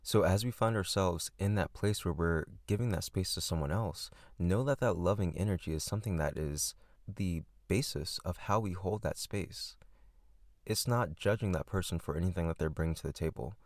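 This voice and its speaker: Deep-voiced, gentle man talking softly. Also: normal speed, dry recording, studio quality. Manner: soft, gentle and repetitive, with frequent restarts. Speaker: podcast host. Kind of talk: reflective spoken monologue.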